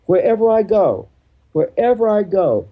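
Older guy, retired pastor on an interview, husky kinda raised voice, keeps asking n answering himself. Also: high-pitched, sing-song, normal speed, highs cut off. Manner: emphatic, rhetorical questions answered himself, repeats phrases. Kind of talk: interview answer, preaching-style explanation.

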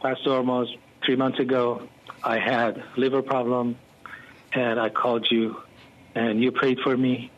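A man imitating a male radio caller who speaks in a flat monotone with no emotion. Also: medium pitch, a little slow, close to an everyday voice. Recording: muffled lo-fi.

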